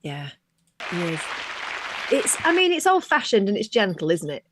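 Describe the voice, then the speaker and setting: A woman with a mid-range voice co-hosts a live stream, answering with easy agreement and quick little quips. Her tone stays plain and conversational. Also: medium pitch, huge pitch swings, crowd noise, noisy background. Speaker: co-host. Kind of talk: casual live-stream commentary.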